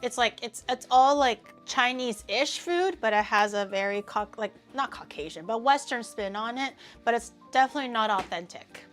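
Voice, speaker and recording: A woman hosting a casual livestream, talking to chat in an animated, ranting way and swearing freely. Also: a little high, normal speed, few pauses, faint music behind. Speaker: livestream host.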